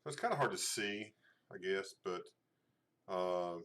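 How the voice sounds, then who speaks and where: Man, middle-aged, deep low voice, rambling casual livestream chat, lots of fillers. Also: expressive, measured pace, fairly bright tone. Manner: rambling, hesitant, many fillers and restarts. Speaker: channel host.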